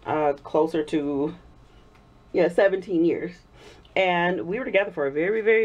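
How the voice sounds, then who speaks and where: A woman in her thirties chats through a personal story while she works in her kitchen, laughing often and gushing as she goes. Her voice sits fairly low, and she is still getting over an illness. The recording sounds a little dull and lo-fi. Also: darkish tone. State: recovering from illness. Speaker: soap-making vlogger. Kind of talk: casual storytelling vlog.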